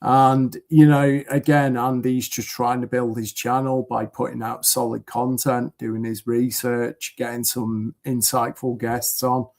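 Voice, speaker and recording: This UK podcast guest, speaking over a video call, rambles earnestly through a casual chat with plenty of fillers. He has a mid-range, slightly creaky voice that barely moves in pitch, comes out a little slow and a little mellow, and rarely pauses.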